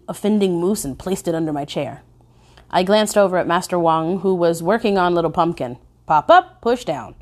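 Expressive woman narrating a memoir. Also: mid-range voice. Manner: expressive storytelling, stressing key words.

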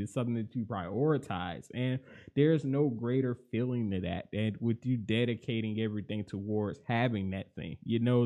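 A young man hosting a podcast, talking through faith and life in a mostly even, monotone way that livens up now and then. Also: fairly low pitch. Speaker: podcast host and life coach. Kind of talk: reflective faith podcast monologue.

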